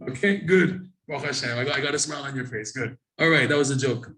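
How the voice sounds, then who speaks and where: Emphatic man teaching in a roomy hall. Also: mid-range voice. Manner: emphatic, repeats questions, rising to near-shouts. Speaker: Torah teacher. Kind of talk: live lesson to a class.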